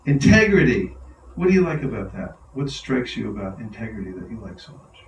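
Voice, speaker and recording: A man's voice: on the low side, a little fast, a little hiss or hum. Enthusiastic man teaching in an echoey hall. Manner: enthusiastic, laughing, animated storyteller. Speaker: spiritual teacher. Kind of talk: devotional talk to an audience. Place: large room with a live audience. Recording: roomy hall, mic far off.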